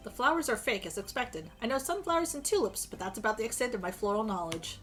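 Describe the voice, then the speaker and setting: A woman's voice: a little high, lively intonation, quick pace, a bit bright, soft background music. A woman streaming a game, reading the dialogue aloud with joking, crude asides and a strained voice.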